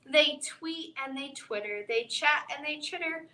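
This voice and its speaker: A woman as a children's librarian giving a live storytime read-aloud, expressive, sing-song and encouraging, in a library room. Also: high voice, a little slow, reverberant.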